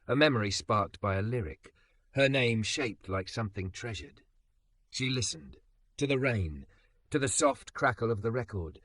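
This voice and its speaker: A man reading a romance story aloud in soft, lingering scripted narration. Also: on the low side, dry recording.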